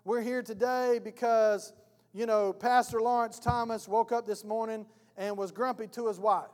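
High-voiced pastor preaching in a hall. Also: male voice, moderate pace. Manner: animated storytelling, acting out scenes. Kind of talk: sermon. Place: church hall. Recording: long reverb of a church hall.

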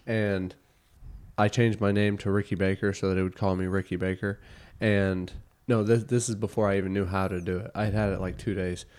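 A young man with a low voice chatting on a podcast. He tells stories in a loose, rambling way and laughs a lot as he goes. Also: level tone, brisk, darkish tone. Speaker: podcast co-host. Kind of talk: casual chat.

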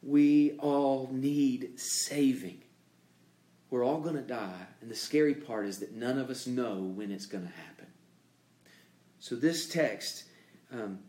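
A man preaching a sermon as pastor, emphatic, with dramatic pauses and rising questions. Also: mid-range voice, darkish tone, roomy sound.

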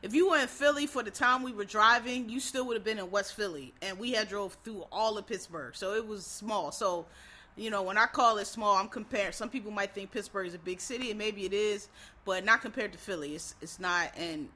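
Bright-voiced, rambling Philly man. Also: high voice, a little fast. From Philadelphia. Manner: rambling and chatty, trails off and restarts, addresses listeners as y'all. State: tired. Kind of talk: casual chat recapping a TV show.

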